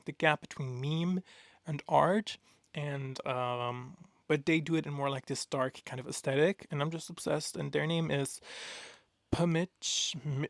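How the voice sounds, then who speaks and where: Young male vlogger, gravelly and a touch high, gushes and rambles. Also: no echo, studio quality. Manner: excitable, gushing, rambling with many fillers. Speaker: art vlogger. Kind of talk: casual chat.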